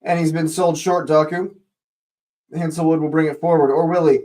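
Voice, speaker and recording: A man hosting a live fan watch-along, calling the match as it happens and shouting at the big moments. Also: fairly high pitch, little pitch movement, moderate pace.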